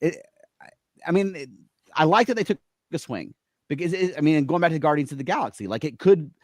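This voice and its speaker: Wry, slightly high male co-host. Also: animated, fairly quick, a little mellow, no echo, clean studio sound. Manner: wry, joking. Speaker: podcast co-host. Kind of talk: casual chat.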